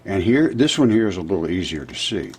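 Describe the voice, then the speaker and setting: A man in his seventies narrating over a map, insistent, rebutting doubters and jumping up in pitch when pointing things out. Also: very animated, a little fast, a little mellow, breathy edge. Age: 70s. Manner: insistent, rebutting imagined objections. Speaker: presenter of a fringe geology channel.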